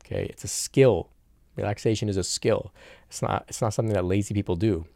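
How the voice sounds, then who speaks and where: A man gives a spiritual talk in a low, gravelly voice. He speaks emphatically, circling back to the same phrases and pausing to ask "okay?" The sound is dry and close, with no room echo. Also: steady tone, a little mellow. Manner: emphatic, repeats phrases, frequent "okay?" check-ins. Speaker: spiritual teacher. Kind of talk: direct-to-camera spiritual talk.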